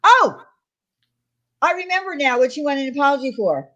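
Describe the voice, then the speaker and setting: A woman's voice: high-pitched, sing-song, moderate pace, bright, forceful tone. A woman hosting a casual live stream, talking defensively and repeating her points for emphasis. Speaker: channel host.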